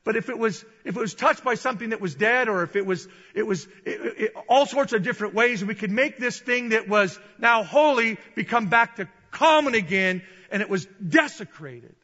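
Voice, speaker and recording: Animated preacher in a reverberant hall. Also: male voice, high-pitched, moderate pace, hardly any pauses, muffled recording. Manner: animated, acts out voices with loud shouted peaks. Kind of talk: sermon.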